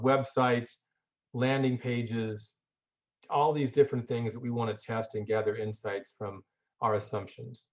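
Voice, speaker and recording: A man lectures in an easygoing, conversational manner, repeating words as he thinks and asking the audience rhetorical questions. His voice sits at an ordinary middle pitch. The recording is a bit dull and lo-fi. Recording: dull lo-fi audio.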